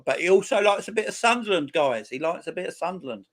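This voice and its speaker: A man in his forties with a fairly high-pitched voice, hosting a casual live stream and chatting with his viewers. He talks in loose, crude banter and openly mocks the teams he discusses. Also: lively intonation, fast talker. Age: 40s. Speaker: football channel host.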